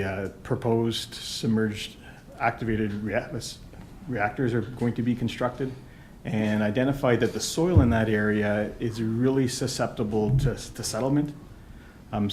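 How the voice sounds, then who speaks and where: Low-voiced man explaining engineering detail. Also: darkish tone, a little hiss or hum. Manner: explanatory, plain technical detail. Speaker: engineering consultant. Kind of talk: technical explanation at a meeting. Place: council chambers. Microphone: microphone at a podium.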